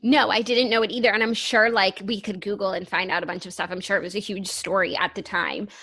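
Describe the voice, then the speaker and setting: A woman's voice: medium pitch, steady tone, fast talker, sharp tone. A young woman co-hosting a podcast, chatting casually in an earnest, thoughtful way with many fillers. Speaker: podcast co-host. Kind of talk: casual chat.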